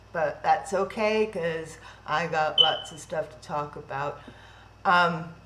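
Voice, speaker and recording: A woman hosts a live stream from home, rambling along in a chatty, self-deprecating way. She speaks slowly at a middling pitch, and her voice carries the roomy echo of a home room with a faint background hum. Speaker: event host. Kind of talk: live-stream event hosting. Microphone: webcam stream.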